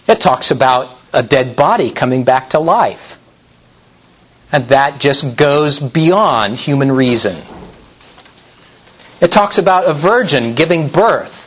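Slow, deliberate male preacher. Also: mid-range voice, dull audio. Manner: deliberate, emphatic delivery with repeated restarts. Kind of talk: sermon.

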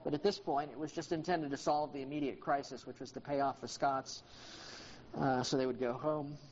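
Speaking at a middling pitch with a darkish tone, a teacher lectures on history in a classroom at a brisk pace and with fairly even intonation. The delivery is loose and conversational, thick with ums and uhs, and sometimes addresses a student by name. The audio is dull and lo-fi, with a faint hiss in the background.

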